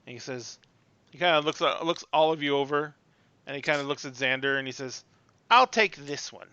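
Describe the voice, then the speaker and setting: A man's voice: medium pitch, steady tone, a little fast, bright, forceful tone, smooth, no room sound, lo-fi sound. A man narrating as game master in a tabletop game, rambling and hesitant.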